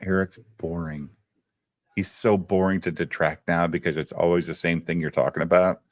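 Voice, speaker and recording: A man's voice: sits low, moderate pace, no room sound. A man telling stories in a casual, profane livestream chat, acting out what others said. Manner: profane, animated storytelling with quoted voices. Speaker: podcast co-host.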